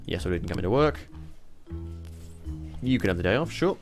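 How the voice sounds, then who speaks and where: A man's voice: lowish voice, sing-song, brisk, long pauses, faint music behind. A man giving let's play commentary, thinking aloud in a rambling way and swearing casually. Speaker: gamer playing a police management game.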